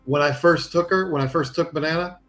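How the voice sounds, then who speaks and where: A man's voice: fairly high pitch, fairly quick, fairly bright tone, faint music behind. A man talking casually and bluntly about aquarium fish and online channels, laughing often. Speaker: aquarium YouTuber. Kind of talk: casual live-stream chat.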